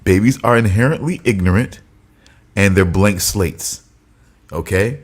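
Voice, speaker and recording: A man's voice: lowish voice, unhurried. Laughing man scolding a friend in jest. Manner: laughing, mock-scolding banter. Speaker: podcast co-host. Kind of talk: casual chat.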